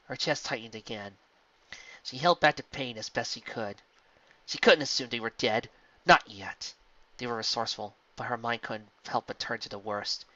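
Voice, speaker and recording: A man reading a story aloud in steady, earnest narration. His tone is bright and tense, with a very dry sound and a dull, lo-fi recording. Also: mid-range voice, dry recording. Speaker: fan fiction reader.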